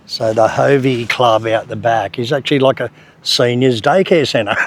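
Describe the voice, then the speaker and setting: An Australian man narrates a casual food vlog about a local cafe, relaxed and laid-back in his chatty style. His voice is mid-range and unhurried, with a noisy cafe in the background.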